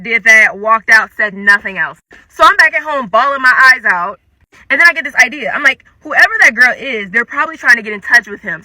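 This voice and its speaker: A young woman telling a personal story in a casual storytime, animated and dramatic, acting out the quotes. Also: high-pitched, dry recording. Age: young adult.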